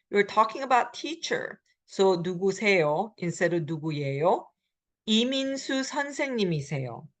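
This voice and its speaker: A middle-aged woman giving a recorded language lecture as the instructor, explaining patiently with frequent ums and pauses. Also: on the low side.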